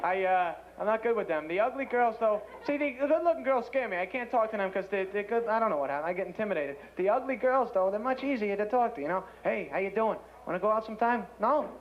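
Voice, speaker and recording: A young man doing a stand-up set in a comedy club, rambling and self-mocking in an excitable way. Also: high voice, quick pace, few pauses. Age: young adult. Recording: muffled old TV tape, loud crowd. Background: loud audience laughter.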